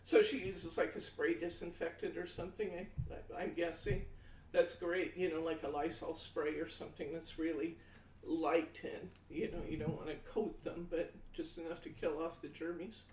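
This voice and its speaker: Friendly male craft host on a live stream, a bit high-pitched, chatty and folksy, walks through measurements, picked up from a distance in an echoey room. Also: steady tone, moderate pace. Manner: chatty, folksy, answers viewer comments aloud; talks through measurements step by step. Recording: echoey room, distant mic, faint noise.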